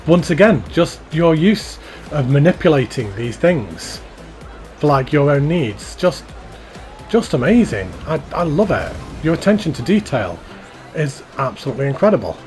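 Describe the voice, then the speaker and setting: A man's voice: a little high, big pitch swings, normal speed, darkish tone, faint music behind. A man giving casual, enthusiastic commentary while touring a theme park in a video game, rambling and repeating his praise. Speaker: YouTuber touring a fan-built theme park.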